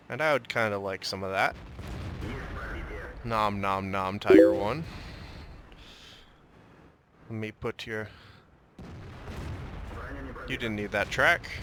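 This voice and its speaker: A man's voice: on the low side, creaky, bright, forceful tone, slight background noise. A young man casually commenting on his own tank battle, joking and slipping into a mock Russian way of talking. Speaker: gameplay commentator.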